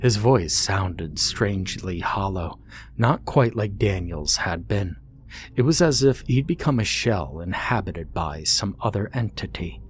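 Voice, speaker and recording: A man narrating a horror story in a measured, deliberate scripted reading. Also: on the low side, lively intonation, slight background noise.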